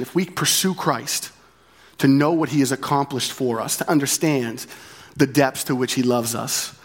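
A man preaching a sermon as pastor, talking in a conversational way, repeating key phrases and often asking "right?". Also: mid-range voice. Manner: conversational, with frequent tag questions.

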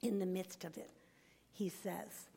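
An older woman giving a devotional talk, earnest and emphatic, slowing down and sometimes dropping to a whisper. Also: fairly low pitch, fairly even intonation, creaky, dark tone, husky. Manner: earnest, slow and emphatic, drops to a whisper at times. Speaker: speaker.

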